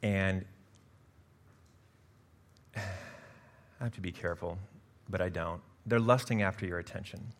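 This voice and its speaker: A male pastor, likely middle-aged, giving a sermon, swinging from quiet, confiding asides to loud, emphatic passages, and laughing at himself now and then. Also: sits low, a little slow, long pauses, a little hiss or hum. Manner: self-deprecating, laughs at himself.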